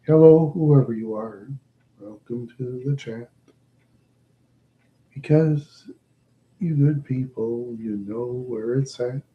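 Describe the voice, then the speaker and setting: A tired, sleepy man chatting alone on a livestream, talking slowly with sighs and trailing words. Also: mid-range voice, phone-quality sound. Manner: slow, drowsy, sighing and trailing off. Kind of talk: sleepy solo livestream chat.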